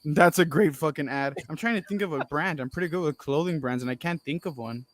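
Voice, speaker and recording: A man's voice: a little high, fast talker. A man co-hosting a casual sports podcast who jokes bluntly and curses often. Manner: profane, blunt and joking. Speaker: podcast co-host. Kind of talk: casual chat.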